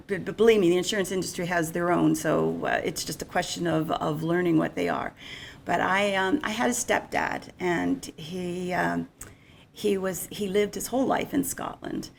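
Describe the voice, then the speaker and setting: A woman's voice: lowish voice, gravelly, a little hiss or hum. A middle-aged woman giving an unscripted, conversational conference presentation on insurance. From Canada.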